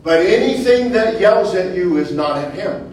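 A man preaching informally to a small group, conversational, repeating phrases and asking rhetorical questions, building to loud emphatic bursts. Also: sits high, animated, moderate pace. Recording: echoey room from far off, faint noise.

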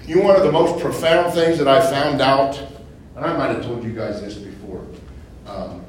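A man preaching informally to a small group, conversational, repeating phrases and asking rhetorical questions, building to loud emphatic bursts. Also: medium pitch, moderate pace. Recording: echoey room from far off, faint noise.

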